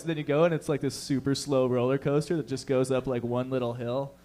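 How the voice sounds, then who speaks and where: Profane rambling comedian, higher voice. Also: male voice, steady tone, fast, hardly any pauses, a little mellow. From Canada. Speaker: stand-up comedian. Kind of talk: stand-up set.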